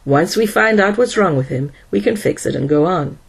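A woman's voice: on the low side, lively intonation, moderate pace, vocal fry, slightly rough, heavily acted. A woman voicing a grim, level-headed male engineer who speaks dryly and steadily. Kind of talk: audiobook character voice.

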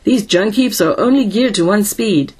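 A woman's voice: mid-range voice, animated, moderate pace, darkish tone, husky. A woman voicing a grim, level-headed male engineer who speaks dryly and steadily. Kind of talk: audiobook character voice.

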